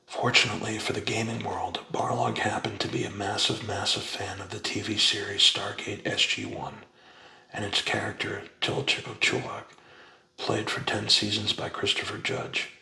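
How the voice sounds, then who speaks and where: A man reading a book aloud in a soft, unhurried ASMR whisper. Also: fairly low pitch, flat delivery, vocal fry, roomy sound, rough recording. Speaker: ASMR reader.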